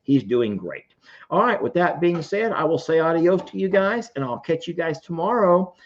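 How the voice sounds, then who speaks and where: A man's voice: a little high, moderate pace. A man, casually chatting and reading viewer comments on his farm livestream. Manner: animated, chatty, reads comments aloud. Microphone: computer microphone. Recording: dull lo-fi livestream audio.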